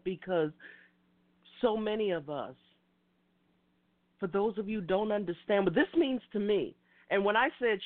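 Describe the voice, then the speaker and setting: A woman's voice: medium pitch, animated, unhurried, long pauses. A woman hosting an internet talk radio show, talking in an effusive, passionate, rambling way. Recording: tinny phone-like line.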